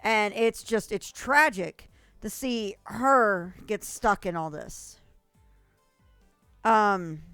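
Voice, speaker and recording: A woman's voice: medium pitch, extremely slow, pauses often, bright, forceful tone, smooth, no echo, soft background music. A young adult woman streamer chatting casually with viewers, gushing and rambling, with frequent coughs.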